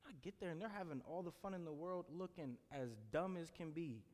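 A man earnestly telling a personal testimony with animated storytelling. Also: on the high side, brisk. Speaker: speaker sharing a testimony. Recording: long reverb in a hall.

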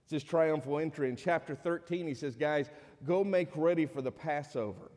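A man preaching a conversational sermon as a pastor, raising his pitch when he acts out the people he quotes. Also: normal speed, darkish tone. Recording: long hall reverb.

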